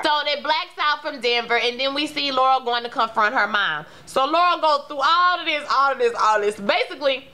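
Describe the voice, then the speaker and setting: A woman's voice: sits high, fairly quick, hardly any pauses, bright, forceful tone. A woman giving a casual, slangy and blunt recap of a TV episode, talking animatedly with sudden outbursts.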